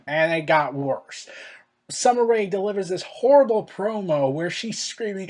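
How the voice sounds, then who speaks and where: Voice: medium pitch, a little slow. A vlogger giving casual, opinionated wrestling commentary, rambling and often correcting themselves. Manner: rambling, exasperated, self-correcting.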